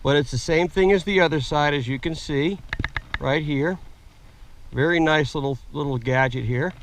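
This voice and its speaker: A man with a slightly rough voice, slowly explaining a camping gear setup step by step, outdoors on a camera mic. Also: a little high, noisy background. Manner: slow, plain step-by-step explaining with fillers. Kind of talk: casual how-to demonstration. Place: outdoors in woods.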